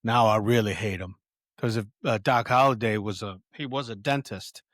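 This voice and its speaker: A man with a somewhat low voice walks through a film scene on his podcast, chatty and conversational. He stops and restarts often, correcting himself with fillers along the way. The sound is dry and close. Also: fairly bright tone, no room sound. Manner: halting, self-correcting, full of fillers. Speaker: podcast host. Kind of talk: casual retelling of a film scene.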